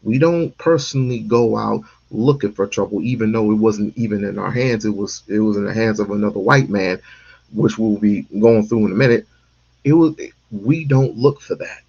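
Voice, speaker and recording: A man's voice: fairly low pitch, normal speed, creaky, darkish tone, breathy edge, dull audio. A man hosting a casual commentary stream, talking emphatically and repeating himself for stress. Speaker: stream host.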